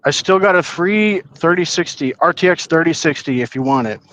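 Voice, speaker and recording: A man's voice: fairly high pitch, expressive, a little fast, a bit bright, low-quality recording. A man calling in to a talk show, speaking casually and explaining things plainly with some swearing. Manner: casual, profane, explains practically. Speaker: caller. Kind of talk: casual chat.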